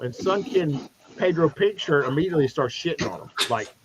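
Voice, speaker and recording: A man on a livestream video call recapping a comic book in a profane, animated way, slipping into mocking voices for the characters. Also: on the high side, a little fast, a crowd in the background. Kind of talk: casual livestream chat. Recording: dull lo-fi stream audio with noise.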